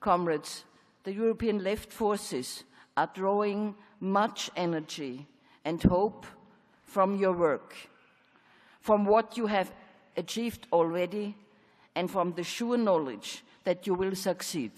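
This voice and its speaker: A woman with an Austrian German accent, giving a formal convention speech in measured, prepared remarks. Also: mid-range voice. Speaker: convention speaker. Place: large convention hall. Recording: long hall reverb.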